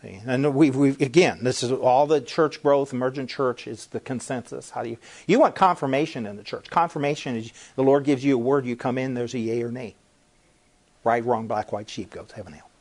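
A man's voice: medium pitch, a little fast, darkish tone. A man preaching an emphatic sermon-style talk, firing rhetorical questions and repeating phrases as he presses each point.

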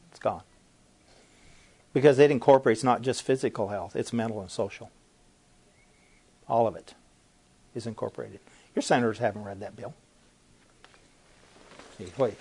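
A man's voice: mid-range voice, normal speed, pauses often, darkish tone, slightly rough. Emphatic man preaching with rhetorical questions. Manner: repeats and restarts phrases. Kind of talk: sermon-style teaching talk.

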